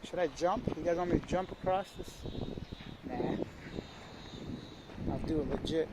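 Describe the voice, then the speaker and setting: A man's voice: a little high, unhurried. Chatty guy vlogging outdoors. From Canada. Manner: chatty, talks straight to viewers and to stray dogs. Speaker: travel vlogger. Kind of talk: casual walking vlog. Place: outdoors on old city streets. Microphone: handheld camera while walking. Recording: outdoor street noise.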